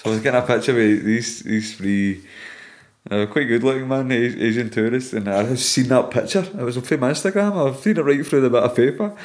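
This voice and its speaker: A man's voice: mid-range voice, a little fast, darkish tone. A Scottish man, an MMA fighter guesting on a podcast, chatting casually, swearing freely and laughing through his stories.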